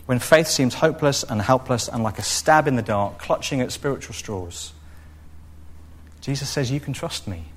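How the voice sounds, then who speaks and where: Man, preacher, expressive sermon, mid-pitched voice. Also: normal speed, slight background noise. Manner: expressive, acts out quoted voices.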